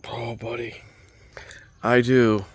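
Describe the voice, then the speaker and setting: A man's voice: medium pitch, flat delivery, slow pace, breathy edge. A man who is a comedian telling a rambling, self-mocking story, with frequent digressions and profanity.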